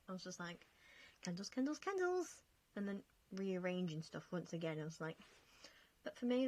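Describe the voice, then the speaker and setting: A young woman talks casually over her game footage in a mid-pitched voice. She is chatty and self-mocking, laughing at herself as she goes. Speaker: game vlogger. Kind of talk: casual commentary over gameplay.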